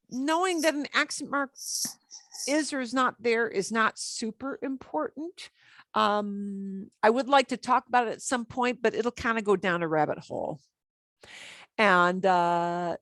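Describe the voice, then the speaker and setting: Casting note: woman Spanish teacher, patient and animated, lively pitch, dry close sound. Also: no room sound. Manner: patient, explains step by step, switches between English and Spanish; animated, light laughs. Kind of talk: beginner language class.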